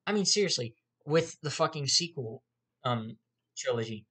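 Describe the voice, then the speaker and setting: A young-sounding man with a drawl delivers an angry, profanity-heavy rant straight to camera. He circles back to the same complaints over and over. His voice sits at an ordinary middle pitch. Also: animated, normal speed, a bit bright, slightly rough. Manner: profane, heated, repetitive. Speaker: YouTuber.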